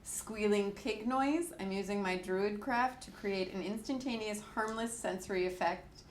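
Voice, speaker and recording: A woman's voice: medium pitch, normal speed, echoey room, a little hiss or hum. A woman playing in a tabletop roleplaying game, explaining her spells and correcting rules. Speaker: player.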